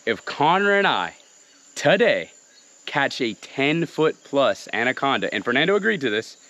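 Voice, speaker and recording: A man's voice: medium pitch, big pitch swings, normal speed, pushed and bright. A man talking casually to the camera outdoors in the rainforest, chatty and self-mocking. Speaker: wildlife adventurer.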